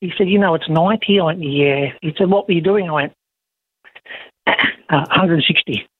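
A man's voice: fairly high pitch, moderate pace, no room sound. Man telling a story over the phone. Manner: animated storyteller acting out quoted voices. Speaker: caller. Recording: tinny phone line.

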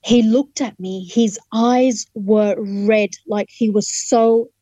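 A middle-aged woman, a human rights lawyer appearing as an interview guest, gives a vivid personal testimony and acts out what people said. Her voice sits on the high side with fairly even intonation, slow and mellow. The recording is dry, with the highs cut off.

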